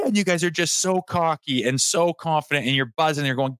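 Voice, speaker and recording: Animated man on a dry sports podcast. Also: a little high, fast, hardly any pauses, dry recording. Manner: animated, swears, acts out players' voices. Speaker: podcast co-host. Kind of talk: casual sports chat.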